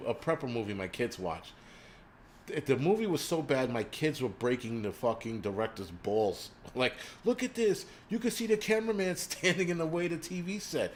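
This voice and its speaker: A man's voice: mid-range voice, a little hiss or hum. A man hosting a live stream, ranting casually and profanely with lots of fillers.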